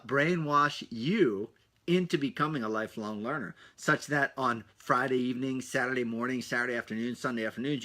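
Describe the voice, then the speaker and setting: A man hosting a solo podcast, talking in an energetic, rambling way with punchy asides and a slightly breathless edge. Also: medium pitch. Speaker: podcast host.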